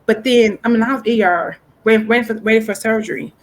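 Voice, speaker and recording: A woman guest in a casual interview, earnestly telling a personal story with deep faith and often restarting her phrases. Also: fairly even intonation, fast, a little hiss or hum, poor audio. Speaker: guest author.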